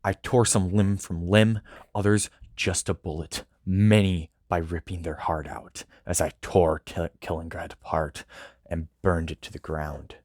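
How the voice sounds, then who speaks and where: Deep-voiced man reading a story. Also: steady tone, unhurried, a little mellow, no echo, clean studio sound. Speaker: audiobook reader. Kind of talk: first-person story narration.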